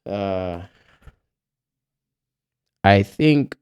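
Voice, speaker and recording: A young man hosting a podcast, talking in a relaxed, easygoing way with fillers. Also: low-pitched, drawn-out words, clean tone. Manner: relaxed, easygoing, fills gaps with um and like. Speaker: podcast host. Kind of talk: casual chat.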